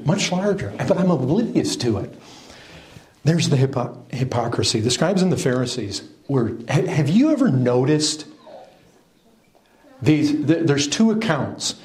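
A man preaching a sermon as pastor, emphatic and animated, full of rhetorical questions and quick restarts. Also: mid-range voice, roomy sound.

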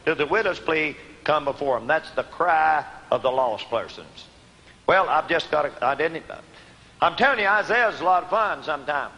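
A man preaches a sermon in a slightly high, bright and forceful voice. He questions his congregation and answers himself, punching single words loudly before sinking back down low. The sound rings with a long hall reverb. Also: expressive, moderate pace, dull audio. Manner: rising to emphatic shouts on key words, then dropping low.

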